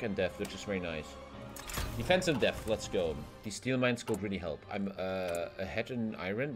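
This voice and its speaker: A man giving casual, excitable gameplay commentary while he plays, swearing often and swinging between loud outbursts and low mutters. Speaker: gaming streamer.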